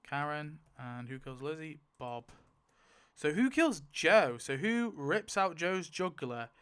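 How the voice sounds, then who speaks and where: A man thinking aloud in casual commentary as he spins a wheel to rewrite a story, swinging to loud outbursts. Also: fairly high pitch, sing-song, takes it slowly, clean tone. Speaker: YouTuber.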